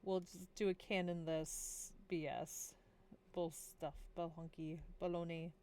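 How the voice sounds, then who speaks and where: A woman's voice: fairly low pitch, little pitch movement, measured pace, warm tone, clear, resonant tone. A tired woman streaming a worldbuilding session, chatting casually, giggling often and talking to her pets.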